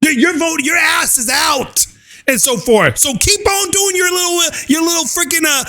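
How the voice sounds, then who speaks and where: Ranting male commentator, very high and bright voice, shouty and crude. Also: normal speed. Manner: loud, fired up, drawling and crude. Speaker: political commentary host.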